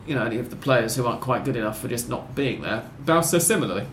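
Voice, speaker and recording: A man's voice: medium pitch, lively intonation, quick pace, slight background noise. Man, podcast host, rambling, wry self-corrections, roomy sound, faint ambience. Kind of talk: casual football podcast chat.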